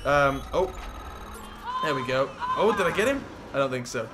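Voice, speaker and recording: A young man giving excitable, jokey gameplay commentary as a gaming YouTuber. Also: medium pitch, normal speed, background noise. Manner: excitable, jokey, swears and laughs often.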